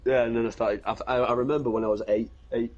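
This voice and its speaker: A man's voice: mid-range voice, little pitch movement, fast, darkish tone, muffled recording. A British man hosting a gaming stream, rambling through stories in casual chat and swearing freely. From Britain. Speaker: gaming channel host.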